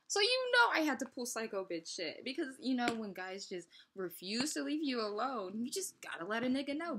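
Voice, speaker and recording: A woman's voice: a little high, brisk, hardly any pauses, very noisy. A young woman vlogging to camera, retelling a text argument and playing out both sides with lots of laughter. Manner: animated, laughs often, acts out both sides of a chat. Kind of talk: casual storytelling vlog.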